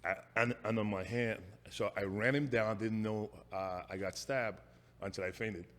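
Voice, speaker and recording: In a casual interview, a man from Jamaica in his forties shares memories of growing up, speaking with a Jamaican accent and frequently breaking off and restarting his sentences. His fairly low voice stays steady, and the recording has a long reverb tail.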